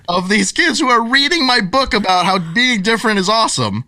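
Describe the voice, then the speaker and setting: A man's voice: high voice, unhurried, background noise. A man in his forties, a podcast guest, telling a story in a casual interview, acting out the voices of the people in it and laughing often. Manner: animated storyteller who acts out quotes and laughs often. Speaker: podcast guest, author and speaker.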